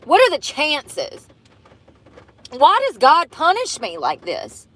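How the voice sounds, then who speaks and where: A woman's voice: sits high, wildly swooping pitch, slow pace, fairly bright tone. A young woman venting and swearing to her phone camera from inside a parked car during rain. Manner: frustrated, swearing, ranting. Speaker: vlogger living in her car. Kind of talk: venting vlog.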